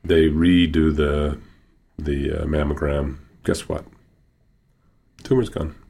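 Deep gravelly male Sufi healer. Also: little pitch movement, warm tone. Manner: slow, earnest, with repeated phrases. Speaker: Sufi healer and teacher, guest. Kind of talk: storytelling in an interview.

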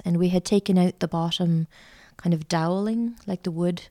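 A middle-aged woman, a podcast guest telling a lively travel story with lots of fillers. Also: lowish voice, a little fast. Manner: chatty, animated anecdote-telling with many fillers. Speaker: interview guest, art school founder. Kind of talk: casual storytelling.

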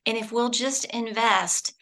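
A woman's voice: on the high side, unhurried, a bit bright. A woman consultant, a guest on a podcast, giving workplace advice in an affirming, coach-like way. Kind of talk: casual interview chat.

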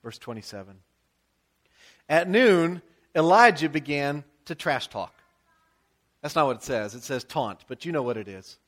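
An American man, a pastor, preaching a sermon in a conversational, animated storytelling way with frequent asides. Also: a little high, measured pace, pauses often.

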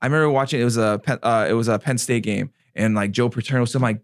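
A man in his thirties hosting a casual chat, animated and profane, acting out quotes. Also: mid-range voice, fast talker, hardly any pauses, no room sound, studio quality.

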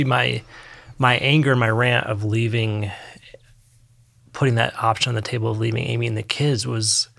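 Gravelly man telling his story haltingly. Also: lowish voice, a bit bright, no echo. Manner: halting, reflective, many ums. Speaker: podcast guest. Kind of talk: candid personal testimony.

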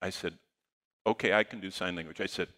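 A male pastor telling a story in a sermon, animated, swinging between loud bursts and hushed asides. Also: low-pitched, fairly quick. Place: church auditorium. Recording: long hall reverb.

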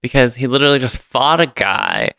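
A man's voice: mid-range voice, huge pitch swings, brisk, gravelly, pushed and bright, dry recording. A man co-hosting a podcast, recapping a movie in casual chat that rambles and thinks aloud. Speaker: podcast co-host.

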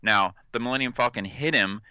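A man's voice: mid-range voice, brisk, sharp tone, smooth, no room sound, lo-fi sound. A man co-hosting a podcast in casual, playful banter, acting out silly voices as he jokes. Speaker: podcast co-host.

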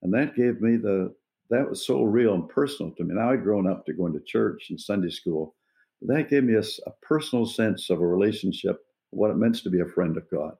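Gravelly, dark-voiced man in his eighties. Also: on the low side, lively intonation. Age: 80s. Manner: earnest, unhurried, pausing to find words. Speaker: evangelist guest. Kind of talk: reflective personal storytelling.

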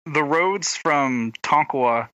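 Man, rural Oklahoma accent, very bright dry voice, rambling chat storyteller. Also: a little high, slow pace, no room sound, muffled recording. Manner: rambling storyteller, stumbles and restarts. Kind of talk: casual chat.

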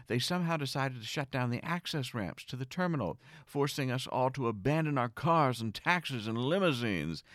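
Man, middle-aged, comic podcast monologue, earnest and whimsical, pitch swooping up and down, dry close sound. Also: normal speed, hardly any pauses, no room sound. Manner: earnest, whimsical storyteller with sudden excited jumps. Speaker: comedy podcast host.

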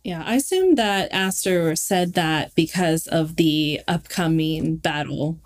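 A woman co-hosting a casual TV recap podcast, reasoning aloud in a relaxed way with plenty of fillers. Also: low-pitched, slow pace. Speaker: podcast co-host.

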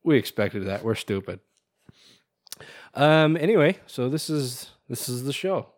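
A man's voice: mid-range voice, lively intonation, unhurried. Joking man co-hosting a podcast. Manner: joking, irreverent banter with frequent laughs. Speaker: podcast co-host. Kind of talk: casual chat.

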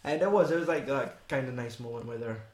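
A man's voice: mid-range voice, fast talker, darkish tone, reverberant. Sweary Scottish man, rambling film chat. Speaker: podcast co-host.

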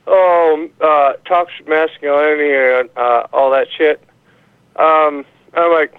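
A man's voice: a little high, fairly even intonation, measured pace, clean tone, no echo. A man calling in to a show, rambling and swearing with many fillers over a phone line. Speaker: caller. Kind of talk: call-in rant. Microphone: phone call.

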